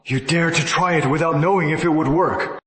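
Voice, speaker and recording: An actor voicing a calm young hero in a drama dub, musing modestly to himself. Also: male voice, on the high side, a little fast, husky. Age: young adult. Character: calm young man, secret cultivator hero. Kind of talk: English dub of a short drama.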